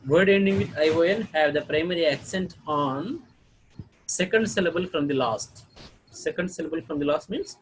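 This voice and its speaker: A man with an Indian English accent giving a video lesson on pronunciation, halting often to clear his throat. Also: fairly high pitch, slight background noise, low-quality recording. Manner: halting, frequent throat clearing and filler sounds. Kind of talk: lecture-style video lesson.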